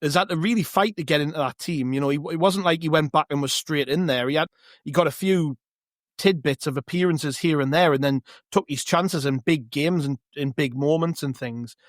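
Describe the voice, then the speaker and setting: A man's voice: fairly high pitch, a little fast, no echo, studio quality. A man with a North East English accent, co-hosting a football podcast, chatty and questioning as he tells a story. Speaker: podcast co-host. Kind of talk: casual football chat.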